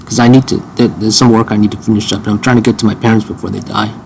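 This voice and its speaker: A man casually questioning an AI assistant, halting and repeating himself, with dry sarcasm. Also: lowish voice, fairly even intonation, gravelly, a little mellow, a little hiss or hum. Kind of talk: casual chat.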